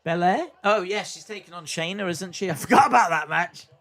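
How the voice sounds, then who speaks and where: A man's voice: high voice, brisk, a bit bright. Chatty man reacting live. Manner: chatty, reads viewer comments aloud, repeats himself. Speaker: live stream host reacting to wrestling. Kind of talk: casual live reaction commentary.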